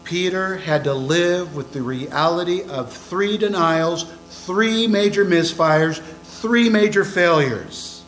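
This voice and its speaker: A man preaching a sermon, retelling a scripture story with acted-out lines and sudden hushed whispers. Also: high voice, slow, hardly any pauses, soft background music. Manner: dramatic storytelling, acting out scenes, dropping to whispers for emphasis. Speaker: pastor.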